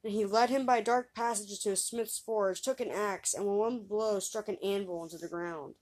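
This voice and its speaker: A woman reading an old fairy tale aloud, lifting her pitch and volume for the characters' lines. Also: moderate pace. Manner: lively reader raising pitch and volume for quoted voices. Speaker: storyteller.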